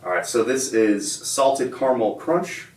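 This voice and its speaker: A man co-hosting a casual protein bar taste test, reading out labels in a relaxed way. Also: medium pitch, unhurried. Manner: relaxed, reads out nutrition labels. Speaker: co-host reviewing protein bars. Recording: roomy, mic at a distance, faint ambience.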